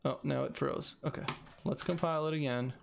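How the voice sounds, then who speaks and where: Gravelly young man rambling. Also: on the high side, fairly even intonation, brisk, noisy background. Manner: rambling, thinks aloud with restarts. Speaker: video creator. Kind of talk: casual coding vlog.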